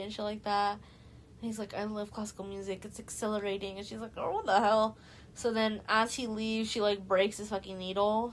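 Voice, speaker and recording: A woman's voice: mid-range voice, slight background noise. A young woman hosting a podcast, stoned and retelling a book plot in casual chat, laid-back, profane and giggly with lots of filler words. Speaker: podcast host.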